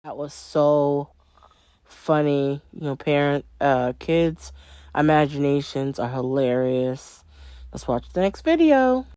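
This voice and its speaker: A woman's voice: low-pitched, lively intonation, slow, dark tone, clear, resonant tone, no room sound, studio quality. A woman hosting a reaction channel with upbeat, simple intro and outro patter. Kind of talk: casual video intro and outro.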